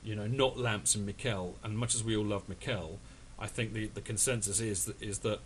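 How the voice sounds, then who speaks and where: A man's voice: lowish voice, fairly even intonation, a little fast, slight background noise. A man hosting a casual football fan podcast, chatty and rambling, with many restarts and fillers. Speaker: podcast host.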